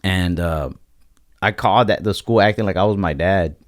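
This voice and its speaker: A podcast host with a deep, low voice, rambling through anecdotes in relaxed conversation. The sound is dry and close, with no room echo. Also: male voice, moderate pace. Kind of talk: casual chat.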